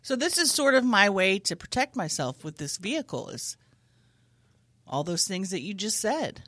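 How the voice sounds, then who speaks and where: A woman chatting casually and jokingly, sometimes jumping up into squeaky voices. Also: normal speed, no room sound. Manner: jokey, animated, squeals into high voices. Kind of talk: casual comedic chat.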